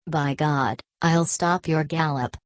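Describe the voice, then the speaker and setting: A woman's voice: low voice, takes it slowly, dry recording, studio quality. Woman reading as a sneering, brawny smith. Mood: furious. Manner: threatening, sneering, dropped word endings. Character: brawny sneering working-class smith, man.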